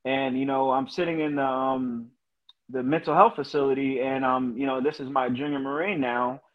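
A man speaks as a podcast guest, recounting his experiences with earnest emotion and frequent "you know" fillers. His voice sits at an ordinary middle pitch. The recording sounds a little dull and lo-fi. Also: fairly even intonation, moderate pace. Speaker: guest, Marine veteran and motivational speaker. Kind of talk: personal storytelling in a podcast interview.

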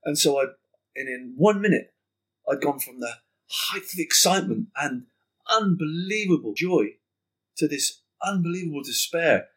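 A man appearing on a podcast tells a story in a fairly high, slightly breathy voice at a moderate pace. Casual and animated, he swears freely and voices what various people said.

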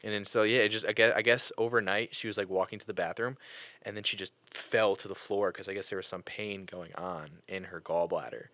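A young man hosting a podcast, telling personal stories in casual chat, animated and full of fillers and restarts. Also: deep voice, a little fast, no echo. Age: young adult. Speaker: podcast host.

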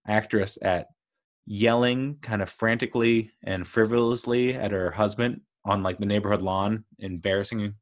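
Deep-voiced man rambling about movies. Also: moderate pace. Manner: rambling and chatty, with frequent laughs and fillers. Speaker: film reviewer. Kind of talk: casual movie review monologue.

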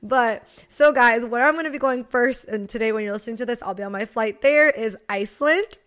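A woman's voice: fairly high pitch, fairly quick, fairly bright tone. A young woman co-hosting a podcast, chatting casually and rambling with lots of "like" fillers. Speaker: podcast co-host.

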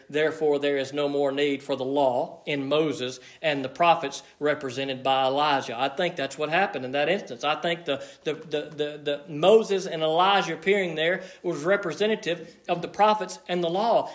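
A man with a noticeably high voice delivers a church sermon. He talks earnestly and with emphasis, leaning into the scripture he reads and slowing for the key phrases. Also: fairly bright tone. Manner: earnest, emphatic, with slowed quotations and restarts. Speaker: preacher.

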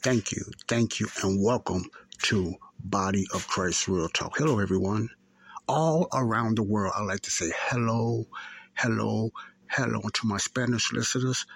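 A man's voice: lowish voice, a little slow, creaky, breathy edge. A man, hosting a faith podcast and telling a story in a rambling, repetitive way. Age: 50s. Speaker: podcast host. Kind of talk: casual spoken testimony.

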